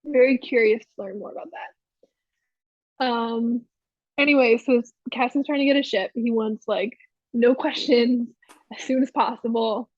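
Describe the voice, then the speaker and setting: A woman's voice: a little high, fairly even intonation, unhurried, a little mellow, no echo. Chatty woman podcaster, dull dry sound. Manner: chatty, rambling with many fillers and giggles. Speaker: podcast co-host. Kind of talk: casual chat recapping a TV episode.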